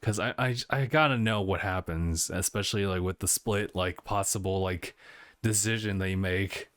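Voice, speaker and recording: In a deep, fairly bright voice at a moderate pace, a male podcast co-host chats casually about video games. He's laid-back, laughs often and lets sentences trail off, and the studio-quality recording has no echo.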